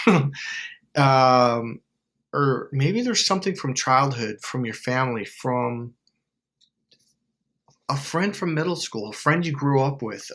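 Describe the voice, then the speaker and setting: A man of middle pitch talking straight to camera, loose and rambling, full of fillers and restarts. He acts out quotes with sudden leaps up and drops down in his voice. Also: bright, forceful tone. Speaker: self-help YouTuber. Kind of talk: casual advice to camera.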